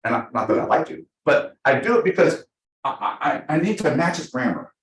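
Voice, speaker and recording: A man teaching a live class to real estate agents, chatty and animated, acting out the people he quotes. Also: on the high side, fairly quick. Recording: echoey room.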